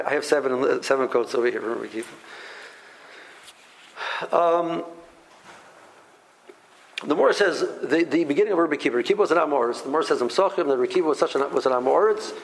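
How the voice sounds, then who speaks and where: A man's voice: medium pitch, creaky, low-quality recording. A middle-aged man teaching a Torah lesson in an emphatic storytelling way, mixing in Hebrew terms and often stumbling over repeated words.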